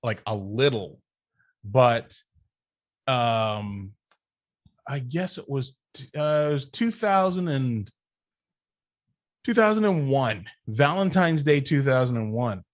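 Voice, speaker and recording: A man of ordinary pitch talks as a guest on a podcast, recounting his past in an easy, casual way. He gets animated and laughs often while telling it. The sound is close and dry with no room around it. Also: slow, long pauses, dry recording. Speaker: podcast guest, wrestling manager. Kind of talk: casual storytelling chat.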